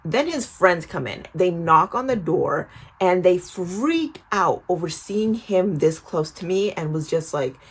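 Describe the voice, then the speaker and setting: Doing her skincare during a storytime vlog, a woman in her twenties tells her story with animation, swearing often and calling the viewer "girl." Her voice is lowish and husky, with lively intonation and an unhurried pace.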